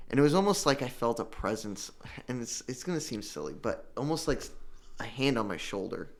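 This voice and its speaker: A young man telling his own recovery story in an earnest, halting way, repeating words and fighting back tears. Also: medium pitch, expressive. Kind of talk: emotional personal testimony.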